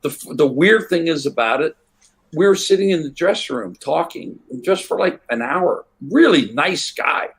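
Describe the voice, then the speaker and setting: An older man, a guest on an interview, telling rambling stories in a relaxed way and acting out the voices of people in them. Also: fairly high pitch, moderate pace, vocal fry, slightly rough. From United States. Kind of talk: relaxed anecdotal storytelling.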